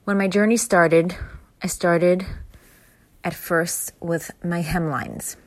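A woman's voice: fairly low pitch, steady tone, slow. A woman telling an earnest, heartfelt personal story to an audience of women, stressing her points with emphasis. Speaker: inspirational storyteller addressing women.

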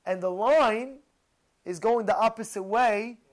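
A rabbi tells stories in a lively Torah talk, his voice sitting strikingly high for a man. He repeats phrases for emphasis and drops Hebrew terms into his English. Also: a little slow, poor audio.

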